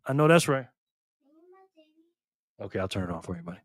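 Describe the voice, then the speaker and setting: A man's voice: fairly low pitch, brisk, dry recording, clean studio sound. Chatty older man hosting a live stream. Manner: chatty, excitable, laughs often. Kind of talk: casual live stream chat reading comments aloud.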